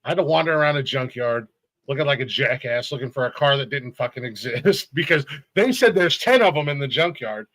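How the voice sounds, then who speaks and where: A man's voice: medium pitch, animated, fairly quick, fairly bright tone, rough recording. A middle-aged man, co-hosting a casual podcast and telling heated, profane stories with bursts of laughter. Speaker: podcast co-host. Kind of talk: casual chat.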